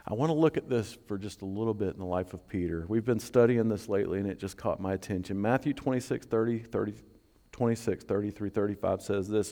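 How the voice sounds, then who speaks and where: A man preaching a sermon as a pastor, earnest, dropping to a hush and rising to fervent emphasis. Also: on the low side, fast talker, long reverb tail. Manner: earnest, swings from hushed to fervent.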